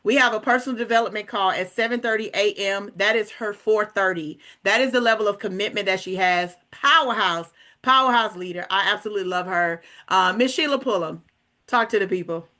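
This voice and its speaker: A woman leads an online group call with a bright, forceful voice. She pitches with high energy, peppering her talk with "guys" and "okay." Her pitch sits in a middle range. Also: a little fast. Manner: energetic, hypes up others, casual asides like "guys" and "okay". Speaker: presenter of a recruiting call. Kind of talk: enthusiastic sales pitch.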